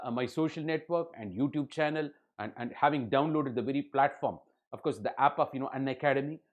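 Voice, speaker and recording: A man lecturing, emphatic and full of "you know" and "ladies and gentlemen". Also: mid-range voice. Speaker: online exam-prep lecturer.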